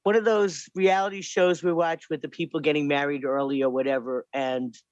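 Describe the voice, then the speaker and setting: A woman's voice: low-pitched, steady tone, a little fast, darkish tone, no room sound, dull audio. Chatty woman telling stories. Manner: chatty storyteller, playful put-on voices. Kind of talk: casual chat.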